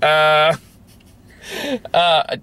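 A man's voice: fairly high pitch, monotone, very slow, bright, forceful tone, a little hiss or hum. Rambling sarcastic man reviewing a movie. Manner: rambling, sarcastic, swears and laughs often. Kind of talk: casual review chat.

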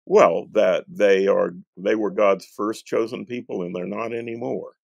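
A man from North Carolina, a Bible scholar answering interview questions in a measured, emphatic, preacherly way. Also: lowish voice, fairly even intonation, gravelly, dry recording, highs cut off. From North Carolina, USA.

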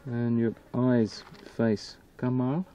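A man's voice: medium pitch, level tone, takes it slowly, dark tone. A man eliciting words in a field session, giving English glosses and checking pronunciations. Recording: dull distant old field tape.

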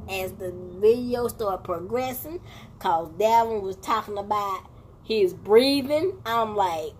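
Slow, animated woman vlogger chatting. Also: medium pitch, slight background noise. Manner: animated storytelling, addresses viewers as y'all, laughing asides. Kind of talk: casual reaction chat.

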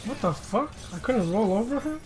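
Gamer narrating own online fights, swears a lot, trips over words, mid-pitched voice, faint game music behind. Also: animated, moderate pace. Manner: frustrated, swears often, self-deprecating; rambling, restarts sentences, laughs at self. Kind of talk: live gameplay commentary.

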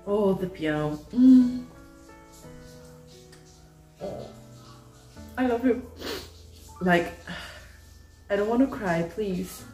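Excitable young woman in an echoey room. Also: mid-range voice, drawn-out words, pauses often. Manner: excitable and emotional, gushing, swearing freely. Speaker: reaction channel host. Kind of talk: casual reaction commentary. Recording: echoey room, faint music behind.

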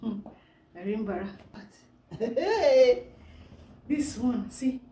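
A woman's voice: fairly high pitch, animated, drawn-out words, mellow, distant mic, slight background noise. Laughing Nigerian woman in an echoey room. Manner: laughs often, mixes Pidgin into English. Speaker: vlogger. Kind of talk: casual unboxing vlog.

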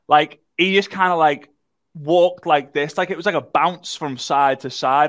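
A man presenting a live online workshop, telling a story in a lively, jokey way and talking to the chat. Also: fairly high pitch, no room sound. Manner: animated, jokey storyteller who talks to the chat.

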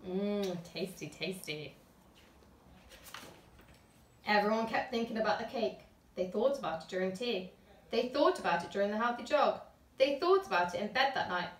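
A woman, a nursery teacher, reading a picture book aloud to young children with gentle, chatty asides. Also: fairly high pitch, expressive, a little fast, a little hiss or hum. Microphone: camera at a distance. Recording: echoey room, filmed from a distance.

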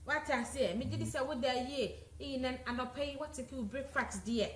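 A woman, chatting lively as a guest on a studio talk show. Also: high voice, moderate pace, roomy sound. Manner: lively, chatty, mixing local language and English.

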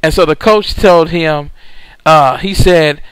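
Male preacher, high smooth voice, dry close sound, repetitive emphatic delivery. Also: slow, fairly bright tone, no room sound, low-quality recording. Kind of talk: recorded sermon.

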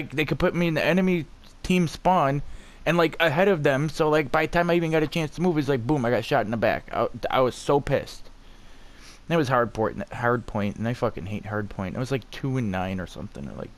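A young man giving live commentary on his own hockey video game, swearing and raging at his teammates. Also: mid-range voice. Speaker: gaming YouTuber.

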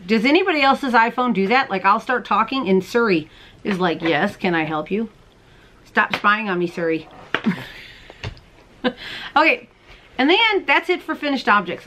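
A woman in her thirties hosting a crochet and knitting podcast, chatting casually to camera at home, bubbly and quick to laugh. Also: mid-range voice, a bit bright. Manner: chatty, bubbly, laughs often, talks to viewers as "you guys". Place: at home, indoors.

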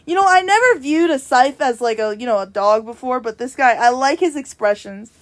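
A woman's voice: high-pitched, animated, brisk, no room sound. Playful woman gaming streamer. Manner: chatty and playful, laughs at the game. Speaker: streamer playing a puzzle game. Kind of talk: casual gameplay commentary. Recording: game music playing behind.

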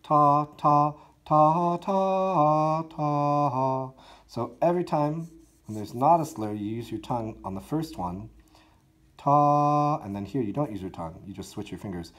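A man's voice: on the low side, lively intonation, brisk, mellow, husky. A man teaching a school band part, counting aloud and singing the notes, with encouraging talk for his students. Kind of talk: instructional walkthrough for students.

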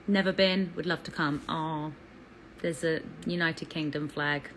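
English woman doing a live fan q&a, lowish voice, chatty and bubbly. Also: steady tone, unhurried, slight background noise, rough recording. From England. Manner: chatty and bubbly, greets viewers warmly by country. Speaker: actress answering fan questions.

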